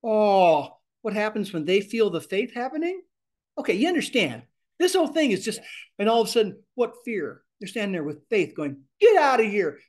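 A man with a fairly high voice teaches a ministry class. He talks in an animated, expressive way and speaks the sample prayers aloud as he goes. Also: normal speed.

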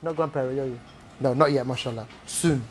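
A man giving an Islamic talk to a live audience, animated and playful, full of rhetorical questions and asides. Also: mid-range voice, brisk, a little hiss or hum. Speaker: preacher.

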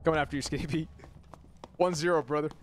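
Guy streaming a game, kinda high voice, swears, loud music under him. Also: steady tone, quick pace. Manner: swears and rants, talks to chat. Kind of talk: casual gaming commentary.

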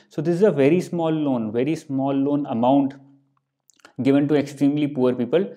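A man's voice: mid-range voice, fairly even intonation, normal speed, mellow. A young man with an Indian English accent teaching exam finance terms, explaining with worked examples and frequent "let's say" and "okay". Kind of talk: explanatory lecture.

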